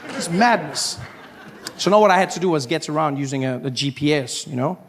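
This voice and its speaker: A male comedian performing stand-up, telling a story in an animated way and breaking into sudden shouts. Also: fairly high pitch, brisk, a faint crowd.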